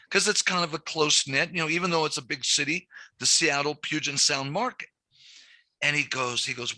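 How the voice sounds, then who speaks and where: A man's voice: on the high side, fairly quick, no room sound. A middle-aged man teaching a banking class, telling stories and acting out what people said. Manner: animated storyteller, acts out quotes. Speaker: banking trainer. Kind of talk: live training session.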